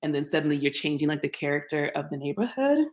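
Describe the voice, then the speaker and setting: A woman's voice: low voice, very animated, fast. A woman in her twenties chatting casually to live-stream viewers while she walks through a modern apartment, picked up by a camera mic. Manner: chatty and playful, talks straight to viewers. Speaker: YouTuber giving an apartment tour. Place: modern open-plan apartment, indoors. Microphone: camera mic, walking through rooms. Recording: echoey apartment rooms.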